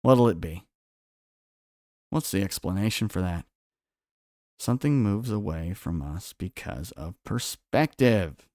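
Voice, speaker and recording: A man's voice: sits low, expressive, measured pace, pauses often, darkish tone, dry recording, clean studio sound. Man quizzing his livestream chat. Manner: quizzes viewers and reads out chat answers. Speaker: livestream host. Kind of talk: quiz-style livestream chat.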